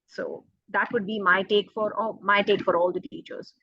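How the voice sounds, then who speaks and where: A woman's voice: medium pitch, steady tone, moderate pace, fairly bright tone, slightly rough, dry recording, dull audio. A woman child psychologist giving earnest, emphatic advice in a panel talk, repeating her key points.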